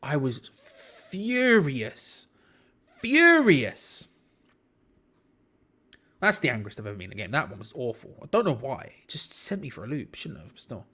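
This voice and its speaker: Young male host, chatty rambling match watch-along commentary, mid-pitched. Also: big pitch swings, fast, few pauses, fairly bright tone, slightly rough. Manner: chatty, rambling, self-deprecating. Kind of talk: casual live match commentary.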